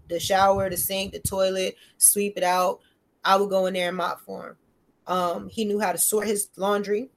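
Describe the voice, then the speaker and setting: Woman, casual chat, slangy, profane, animated storyteller, acts out dialogue. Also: medium pitch. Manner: animated storytelling, acting out dialogue in shifting voices. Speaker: mother telling stories about her kids.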